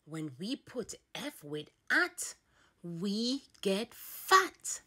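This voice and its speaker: A woman's voice: mid-range voice, big pitch swings, drawn-out words, bright, forceful tone. A woman with a Jamaican accent teaching a children's phonics lesson, sounding out letters and words in a sing-song way.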